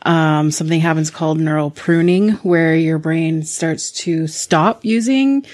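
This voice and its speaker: A woman guest on a podcast, a mother, explaining things in relaxed casual chat. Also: deep voice, unhurried.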